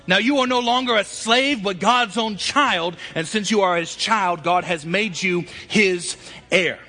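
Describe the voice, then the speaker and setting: A middle-aged man preaching a sermon, swinging between emphatic loud passages and quiet ones. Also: high voice, measured pace. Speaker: pastor. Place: church sanctuary.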